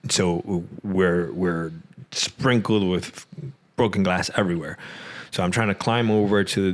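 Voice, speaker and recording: A man, a podcast guest, casually retelling a personal story with many fillers. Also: low voice. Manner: rambling, many "like" fillers, acts out quotes.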